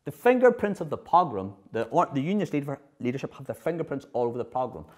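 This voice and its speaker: A middle-aged man giving a history lecture, lively, often checking in with his audience. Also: medium pitch, fast. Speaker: speaker at a political history festival.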